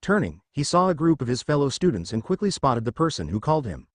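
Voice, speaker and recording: A man narrating a fan fiction story in a steady storytelling manner. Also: medium pitch, brisk, dry recording.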